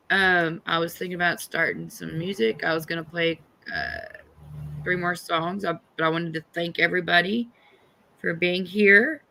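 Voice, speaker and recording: A middle-aged woman hosting a livestream, telling a story in a casual, animated and profane way. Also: lowish voice, moderate pace, creaky. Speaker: livestream host.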